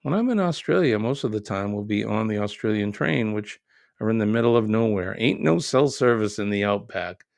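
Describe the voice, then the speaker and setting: A man's voice: lowish voice, animated, brisk, vocal fry, dry recording. A middle-aged man hosting a live stream, reading viewer comments aloud and chatting about them in a joking, easygoing way. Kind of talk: casual live chat.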